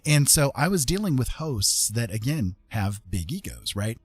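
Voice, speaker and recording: A man's voice: mid-range voice, very animated, normal speed, breathy edge, no echo. A middle-aged man hosting a livestream, talking casually in a loose, rambling way with lots of fillers and restarts. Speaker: livestream host.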